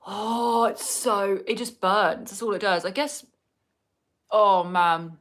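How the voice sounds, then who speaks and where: A woman's voice: mid-range voice, slow. A woman chatting casually to viewers at home as she does her makeup, rambling from one thing to the next. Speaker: vlogger. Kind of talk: casual get-ready-with-me chat. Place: at home indoors.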